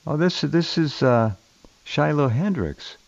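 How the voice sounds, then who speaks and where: A man's voice: on the high side, lively intonation, slow, highs cut off, background noise. A man hosting a talk radio show, speaking bluntly and stumbling over the first words of his sentences. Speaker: radio host. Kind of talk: casual talk radio chat.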